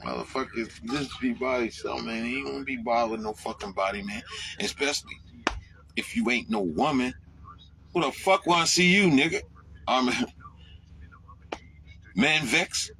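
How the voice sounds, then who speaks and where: With a mid-range voice and a little hiss or hum in the recording, a profane trucker delivers an animated, casual rant to camera, punctuated by sudden yells.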